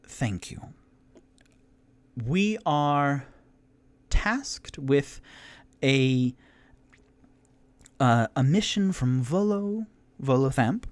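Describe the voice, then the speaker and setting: A man voicing Tutu, a flustered and eager male adventurer who rambles and apologizes in a higher, louder voice than his own. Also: lively intonation, drawn-out words, long pauses, dry recording.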